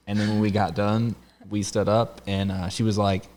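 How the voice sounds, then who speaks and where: A man's voice: fairly low pitch, flat delivery, normal speed, darkish tone. A man in his thirties hosting a podcast, telling long casual stories and laughing often. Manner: rambling storyteller, laughs often. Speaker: podcast host. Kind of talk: casual chat.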